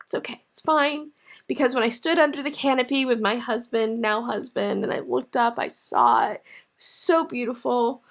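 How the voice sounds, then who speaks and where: A woman knitting vlogger telling a personal story to camera in a casual, animated way, laughing often and getting emotional. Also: fairly high pitch, moderate pace.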